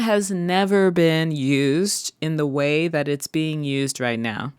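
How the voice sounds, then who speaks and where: A woman hosts her own vlog, chatting solo in a playful, rambling way and drawing out her words as she talks to viewers. Her voice sits low with a clear, resonant tone, and the recording is dry, heard through headphones.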